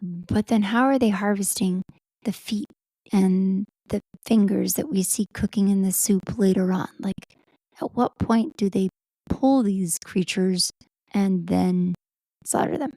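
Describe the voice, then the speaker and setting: A woman's voice: medium pitch, measured pace, mellow, no room sound. A woman co-hosting a podcast, chatting casually about a film and reacting aloud to scenes as she watches. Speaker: podcast co-host. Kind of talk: casual movie commentary chat.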